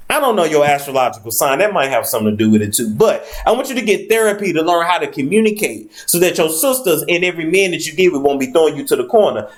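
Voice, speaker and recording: A man giving comedic celebrity commentary, scolding as if lecturing in his office, with heavy profanity. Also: fairly high pitch. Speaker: vlogger.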